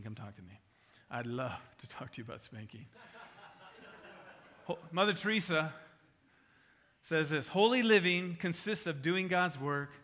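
Bright-voiced preaching man. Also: on the high side. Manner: emphatic preaching with rhetorical questions to the congregation. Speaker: pastor. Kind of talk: sermon.

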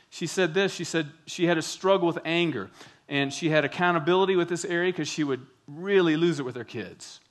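A man preaching a sermon with a bright, forceful voice that sits a little high. He tells stories with animated delivery, acting out the quotes. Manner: animated storytelling, acts out quotes. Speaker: pastor.

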